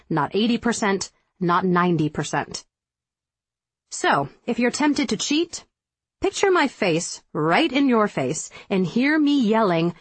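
A woman's voice: medium pitch, breathy edge, dry recording. Emphatic woman reading her diet book. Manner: emphatic, motivational, firm. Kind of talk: scripted audiobook narration.

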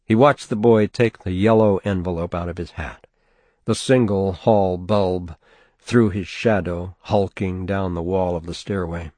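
A man narrating a novel in a measured, steady audiobook reading on a close mic. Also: sits low, no room sound. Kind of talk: scripted narration.

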